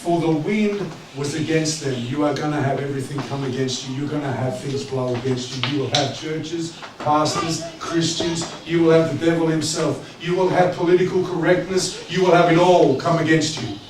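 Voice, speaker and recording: A man preaching a sermon as pastor, conversational and joking, swinging between loud preaching and low asides. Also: steady tone, moderate pace, hardly any pauses, background noise. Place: church hall. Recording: echoey church hall, distant mic, congregation audible. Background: congregation.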